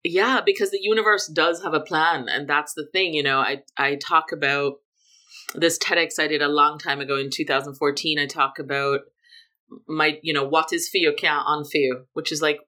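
A middle-aged woman from Jamaica, a guest telling her story in a relaxed interview, with emphatic lifts on key words. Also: low-pitched, normal speed. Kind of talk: casual conversational interview.

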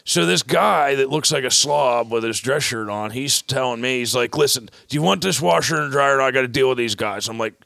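A man's voice: medium pitch, fairly quick, creaky, hardly any pauses, dry recording, clean studio sound. A man hosting a podcast, telling a long rambling anecdote in casual chat and acting out the people in it. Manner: rambling anecdote with quoted voices, animated. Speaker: podcast host.

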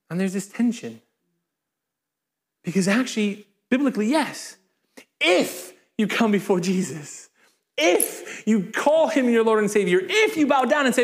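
A man with a high, bright voice preaches a sermon to his congregation. He is lively and informal, dropping joking asides between scripture readings. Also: normal speed. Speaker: pastor. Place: church in front of a congregation.

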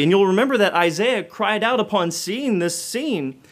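A man preaches a sermon, posing direct questions to listeners, his animated delivery swelling loud then falling low and soft, at a moderate pace with few pauses.

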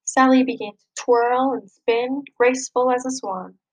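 Woman reading a picture book, lively. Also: high-pitched, a little slow, a little hiss or hum, low-quality recording. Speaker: storybook reader. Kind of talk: children's story read-aloud.

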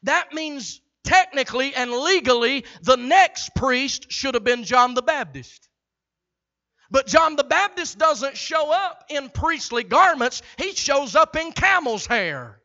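A male pastor preaching a sermon with a very high, bright, forceful voice. His delivery is rhythmic, dropping to near-hushed passages and then rising into shouted climaxes. The recording is muffled and lo-fi. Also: expressive, slow pace.

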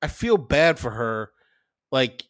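A man co-hosting a podcast in casual chat, excitable and swearing constantly. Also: mid-range voice, takes it slowly, no room sound, studio quality. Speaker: podcast co-host.

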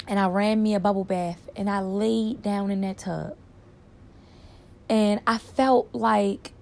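A woman telling a personal story in a candid, reflective way, pausing and repeating words for emphasis. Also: mid-range voice, gravelly, a little mellow. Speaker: storyteller sharing a personal experience.

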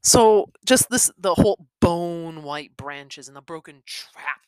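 A woman's voice: fairly low pitch, animated, slow, clear, resonant tone, no echo. A woman in casual chat, gushing enthusiastically and exclaiming about a story. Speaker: co-host commenting on the reading.

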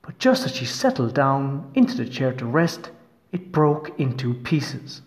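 Man reading a fairy tale, lively sing-song. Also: mid-range voice, a little slow. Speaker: storyteller.

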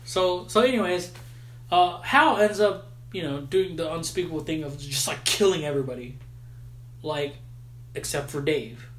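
A man's voice: on the high side, normal speed, fairly bright tone, roomy sound. A man hosting a podcast, casually recapping a film in slangy, swearing chat. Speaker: podcast host.

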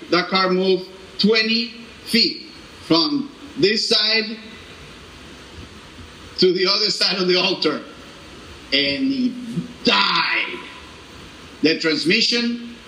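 A man giving an animated, storytelling testimony with laughter and halting restarts, in a church. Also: high voice, slight background noise. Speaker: speaker giving a personal testimony. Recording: echoey room with faint ambience.

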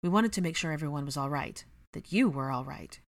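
A woman's voice: deep voice, expressive, a little fast. A woman reading the part of a teasing young man in a storybook reading.

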